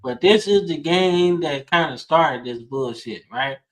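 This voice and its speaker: A man's voice: on the high side, a little slow. A man co-hosting a casual football podcast, talking in laid-back slangy banter. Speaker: podcast co-host. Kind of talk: casual sports chat.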